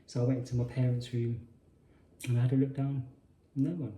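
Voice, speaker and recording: A man recalls an old experience in an unscripted monologue. His voice is very dark and mellow, and it echoes around the room. He stops and restarts often, correcting himself as he goes. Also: mid-range voice, flat delivery, fairly quick, a little hiss or hum. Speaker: spiritual channel host. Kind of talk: personal storytelling monologue. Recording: roomy echo.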